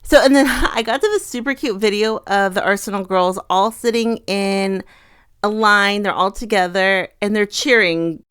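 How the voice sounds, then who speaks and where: Woman, co-host, casual chat, chatty, laughs often, smooth voice. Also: medium pitch, moderate pace, fairly bright tone, no room sound, studio quality. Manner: chatty, retells clips with laughter.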